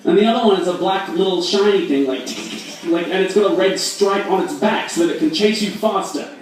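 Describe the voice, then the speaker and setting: High-voiced young comedian, echoey hall. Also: male voice, far from the mic, crowd noise. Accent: mixed Australian and American. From Australia. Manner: self-deprecating, quick asides, audience banter. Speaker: stand-up comedian. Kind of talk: stand-up comedy set. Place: large echoey hall at a fundraiser.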